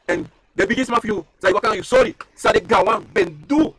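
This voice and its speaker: A man teaching about ancestral tradition, and his voice sits high for a man and leaps around constantly. He repeats phrases almost like a chant, and drops from loud, raised lines into near-whispers. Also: animated, fast, hardly any pauses, slightly rough. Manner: repetitive, chanting phrases, swinging from loud to hushed. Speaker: livestream speaker.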